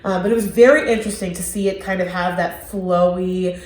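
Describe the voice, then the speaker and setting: A woman's voice: fairly low pitch, steady tone, brisk. A woman co-hosting a casual horror podcast, talking enthusiastically with fillers about a film's costumes. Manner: enthusiastic, many fillers and restarts. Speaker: podcast co-host. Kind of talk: casual movie review chat. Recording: roomy echo.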